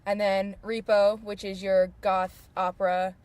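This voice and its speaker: A woman's voice: mid-range voice, flat delivery, measured pace, a little mellow. Woman in casual podcast chat. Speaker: podcast co-host.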